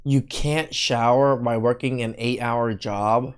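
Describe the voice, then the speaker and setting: A man's voice: medium pitch, steady tone, slow, clean tone. A man giving mocking, exasperated reaction commentary on video clips. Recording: music playing under the voice.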